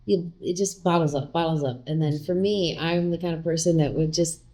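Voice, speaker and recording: Candid, animated woman telling stories. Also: low-pitched, a little fast. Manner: candid, animated, acts out quoted lines. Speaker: guest. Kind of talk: casual conversational interview.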